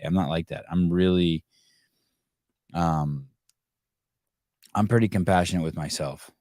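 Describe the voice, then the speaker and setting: A man's voice: low voice, fairly quick, a little mellow, no room sound, studio quality. A middle-aged man hosting a podcast, rambling in casual talk and swearing freely when he gets frustrated. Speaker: podcast host. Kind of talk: casual live show monologue.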